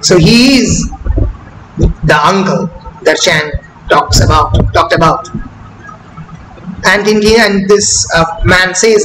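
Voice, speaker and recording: A man's voice: sits high, moderate pace. Guy lecturing on a comic, reads the lines out, roomy echo. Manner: switches between English and Bengali, acts out lines. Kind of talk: textual analysis lecture reading comic dialogue aloud. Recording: roomy echo with clear background noise.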